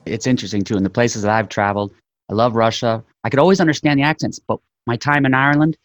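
A man's voice: mid-range voice, steady tone, quick pace, no echo. A man hosting an interview, asking questions in an easygoing, encouraging way. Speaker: interviewer host. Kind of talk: casual interview chat. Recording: dull lo-fi dry sound.

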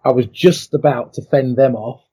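Interview guest: middle-aged man, mellow and slightly husky, reflective storyteller, lots of ums. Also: medium pitch, fairly even intonation, moderate pace. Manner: reflective, emotional retelling with many fillers. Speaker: interview guest, former athlete.

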